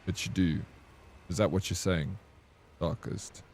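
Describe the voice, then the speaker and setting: Guy streaming a game, lowish voice, teasing his chat and reading msgs out loud, laid back. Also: fairly even intonation, unhurried, slight background noise. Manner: bantering with viewers, reading chat aloud. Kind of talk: casual livestream chat.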